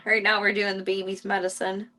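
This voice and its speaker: A woman streaming casually, chatting to viewers and cooing baby talk to tiny animals in a soft, playful way. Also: mid-range voice, flat delivery, fairly quick. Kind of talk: casual live-stream chat.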